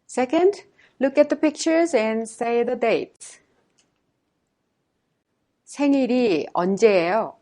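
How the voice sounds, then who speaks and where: Woman teaching Korean dates, slightly high. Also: lively intonation, normal speed, pauses often, dark tone. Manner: clear, careful model pronunciation. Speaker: language teacher. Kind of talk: scripted language lesson.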